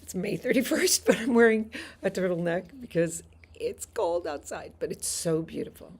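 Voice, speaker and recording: A woman's voice: lowish voice, animated, normal speed, a little mellow, breathy edge. A woman teaching a Greek lesson on a live stream from a house deck outdoors. She explains things patiently and laughs easily.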